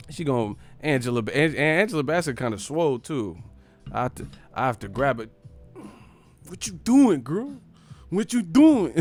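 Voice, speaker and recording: A man's voice: mid-range voice, clear, resonant tone. A man from the Bay Area hosts a live stream, joking and swearing freely while he riffs casually. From Bay Area, California. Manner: profane, joking, animated.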